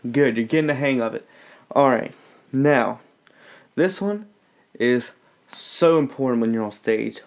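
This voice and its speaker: A young man giving a casual tutorial on stage pronunciation, demonstrating tongue twisters slowly and clearly. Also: medium pitch. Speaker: acting coach.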